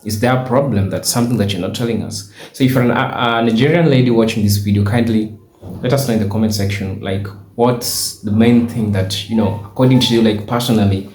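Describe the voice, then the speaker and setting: Kenyan guy hosting a reaction vid, lowish voice, lots of ums, echoey room. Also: brisk, darkish tone, slight background noise. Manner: questioning, hesitant with fillers. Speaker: host. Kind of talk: reaction commentary.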